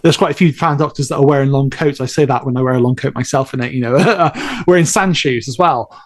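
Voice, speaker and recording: A man's voice: medium pitch, quick pace. A man who voices a lead role, chatting casually on a podcast in a rambling, candid way, swearing now and then. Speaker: voice actor in the audio drama.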